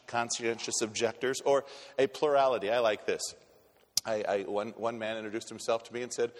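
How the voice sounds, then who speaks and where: A male pastor delivering a sermon in a church, speaking bluntly and conversationally and often restarting his sentences. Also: on the low side. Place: church sanctuary. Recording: long hall reverb in a church.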